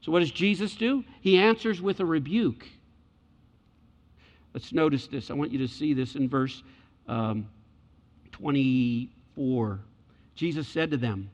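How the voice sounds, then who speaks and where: A man preaching a sermon, animated, acting out quoted voices and climbing high when excited. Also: a little slow, long pauses. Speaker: pastor. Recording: dull sound with long hall reverb.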